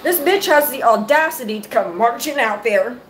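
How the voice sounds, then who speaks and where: A woman's voice: fairly high pitch, animated, normal speed, fairly bright tone, a little hiss or hum, rough recording. A middle-aged woman, a mother, angrily venting to her viewers on a live stream, cursing freely and close to her phone mic. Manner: angry, profane, venting.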